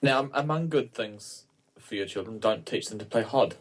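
A man co-hosting a podcast, chatting casually and tossing in deadpan quips. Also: mid-range voice, normal speed. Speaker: podcast co-host. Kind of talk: casual chat.

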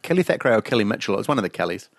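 His voice is on the low side and sing-song, and he races along as a podcast co-host, chatting casually and laughing frequently while rambling through stories. The studio sound is clean with no room noise.

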